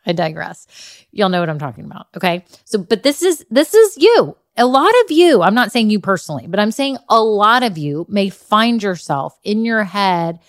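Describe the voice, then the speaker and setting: A woman hosts her own business podcast in an upbeat, chatty monologue with an old-school Valley-girl lilt. She keeps checking in with the listener as she talks, at a middling pitch. The recording is dry and close, with no room sound. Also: no echo. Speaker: podcast host and business coach.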